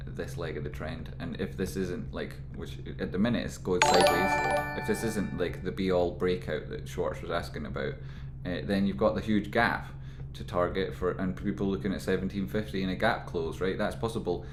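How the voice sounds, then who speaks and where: A man rambling through casual stock market commentary, with animated, exasperated rants. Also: low voice, normal speed, few pauses, reverberant, music in the background.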